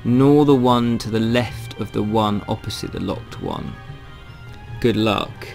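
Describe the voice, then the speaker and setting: A man's voice: takes it slowly, creaky, a little mellow, soft background music. A man putting on a chirpy impish leprechaun. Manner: high bouncy put-on Irish lilt. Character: chirpy mischievous male leprechaun trickster.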